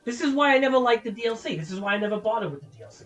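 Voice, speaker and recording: A man's voice: high voice, fast talker. A young man streaming a game, ranting with lots of swearing in frustration. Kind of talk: casual gameplay commentary.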